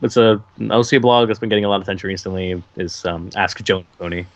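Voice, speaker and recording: A man with a deep, low voice talks casually as an interview guest, rambling along with frequent fillers and restarts. The sound is dull and lo-fi, like an online call recording. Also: fast talker, a little hiss or hum. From California. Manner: rambling, hesitant, many fillers. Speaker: guest voice actor.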